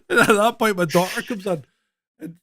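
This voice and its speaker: A man's voice: sits high, sharp tone. A man co-hosting a live stream, telling stories animatedly with swearing and laughter. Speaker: co-host. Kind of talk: casual live-stream chat.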